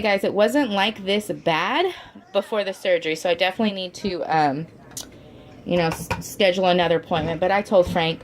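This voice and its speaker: Chatty woman vlogging at home. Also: medium pitch. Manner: chatty and rambling, many fillers and restarts; homey, says "y'all". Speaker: vlogger and mother of four. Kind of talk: casual chat to camera. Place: at home, indoors.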